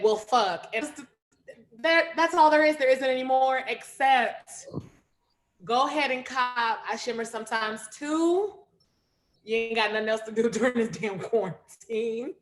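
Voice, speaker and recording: Lively woman hosting a poetry stream. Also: a little high, measured pace. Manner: lively, slangy, hypes the audience. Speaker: host of reading series. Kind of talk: casual live-stream hosting. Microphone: video call.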